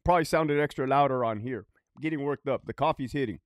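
A man's voice: medium pitch, fast, no room sound, studio quality. A man, a former prison guard, telling stories in a casual, profane, emphatic way, often checking in with "right?". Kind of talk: casual storytelling monologue.

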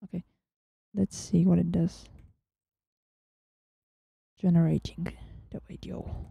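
A woman hosting a casual software tutorial, chatting as she works and often dropping into a whisper. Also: lowish voice, flat delivery, slow pace, gravelly, slightly rough, no room sound, muffled recording. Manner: chatty, thinking aloud, often drops to a whisper. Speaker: tutorial host.

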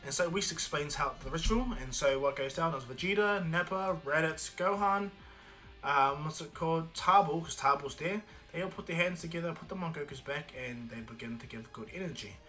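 A man's voice: on the high side, moderate pace, sharp tone, soft background music. A man casually retelling a fan-made story in a loose, rambling way with many fillers.

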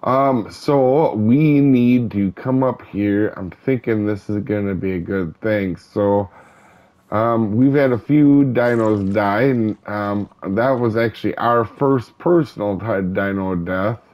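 A man hosting a gaming channel, chatting casually over gameplay in a relaxed, rambling way with many ums and uhs. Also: fairly low pitch, slow pace, highs cut off. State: hiccups. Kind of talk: casual let's-play commentary.

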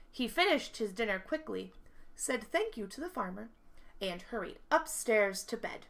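A woman reading a picture book aloud to children, expressive and stopping to ask the listeners questions. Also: fairly high pitch, normal speed, vocal fry. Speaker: children's story reader.

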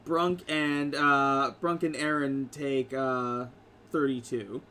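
A man's voice: medium pitch, steady tone, slow, bright, forceful tone, slight background noise. A man narrating as game master of a tabletop game, rambling with many fillers and restarts. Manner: rambling, full of "like" and "uh".

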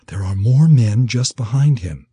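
A man voicing a young woman who speaks in an earnest, calm way. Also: medium pitch, a little slow, slightly rough, no room sound. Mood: urgent hushed. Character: young woman, steady and sensible.

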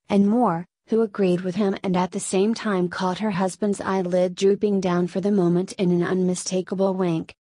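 A woman reading a classic story aloud as narrator, in a measured storytelling manner. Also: medium pitch, dark tone, no echo. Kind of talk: scripted narration.

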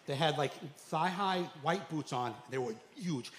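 A man doing a stand-up comedy set, animated and acting out characters with sudden loud outbursts. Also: on the high side, a little slow. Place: comedy club. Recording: echoey club with faint ambience.

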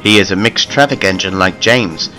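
Male storybook narrator with a low, plain and steady read. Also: normal speed, soft background music.

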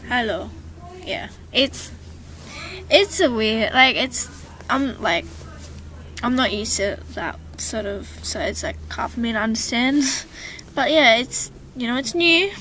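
A woman's voice: on the high side, bright, forceful tone. A young woman with an Australian accent, chatting casually to camera in a rambling, giggly way with many fillers. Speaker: vlogger. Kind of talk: casual vlog chat. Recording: faint background noise.

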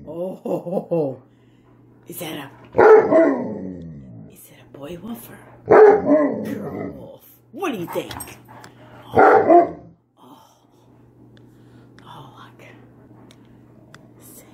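A woman's voice: fairly low pitch, very animated, slow, long pauses. A woman filming her dog and talking to it in a playful, coaxing baby-talk voice, with frequent laughter. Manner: sing-song and coaxing, laughs often.

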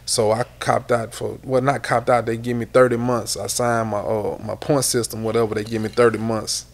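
A man's voice: mid-range voice, little pitch movement, normal speed, creaky. A middle-aged man with a Houston accent, a rapper telling long rambling stories in a casual interview, repeating words and swearing often. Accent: Houston Southern. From Houston, Texas.

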